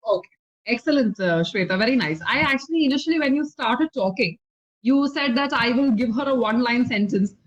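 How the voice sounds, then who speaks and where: A high-pitched woman with an Indian English accent, teaching a spoken English lesson over a video call. She explains slowly and patiently, checking in with "okay?" as she goes. The audio is slightly dull and lo-fi. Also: expressive. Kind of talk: online English conversation lesson.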